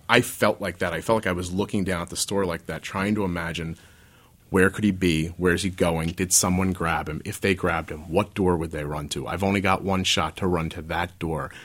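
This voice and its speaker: Deep, husky-voiced man telling stories. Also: fairly bright tone. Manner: candid, rambling, self-deprecating. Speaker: stay-at-home dad and author. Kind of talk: interview guest, storytelling.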